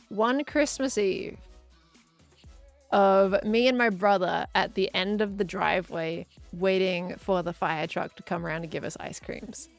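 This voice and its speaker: Chatting on a live stream, an Australian-accented woman builds while reading chat messages aloud and responding to her viewers. Her medium-pitched voice is creaky with a fairly bright tone, captured in a dry recording.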